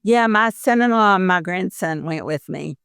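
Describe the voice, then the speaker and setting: An older woman tells animated stories as a podcast guest, jumping into the voices of the people in them. Her voice is smooth and clear. The sound is dry and close to the mic. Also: lowish voice, normal speed, no room sound. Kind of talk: casual interview chat.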